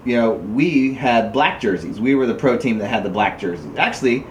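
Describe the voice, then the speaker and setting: A man telling paintball stories in a casual podcast chat, rambling with many fillers and jumping into high, animated voices when he quotes other people. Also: normal speed. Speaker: podcast guest, paintball player. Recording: echoey room with faint noise.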